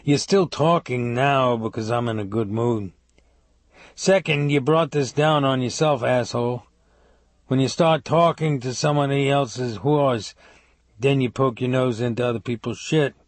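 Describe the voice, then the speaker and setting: A man's voice: mid-range voice, measured pace, no echo, lightly acted. A man doing a sneering mob thug. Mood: contemptuous. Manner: menacing, crude, mocking. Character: sneering male mob thug, cruel and taunting.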